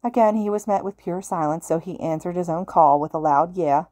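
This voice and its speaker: Woman reading a fan fiction audiobook, lowish calm voice, dry close read. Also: brisk, dry recording. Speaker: podfic reader.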